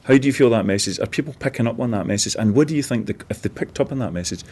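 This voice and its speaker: A man's voice: medium pitch, very fast, darkish tone, slightly rough. A man co-hosting a talk show, musing aloud and asking long, thoughtful questions. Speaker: co-host. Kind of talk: casual chat and interview.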